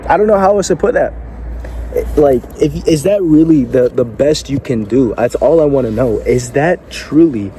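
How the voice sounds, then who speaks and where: A man's voice: mid-range voice, animated, normal speed, mellow, a little hiss or hum. Blunt man giving a profane motivational speech. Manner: rhetorical questions aimed at the listener. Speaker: motivational speaker.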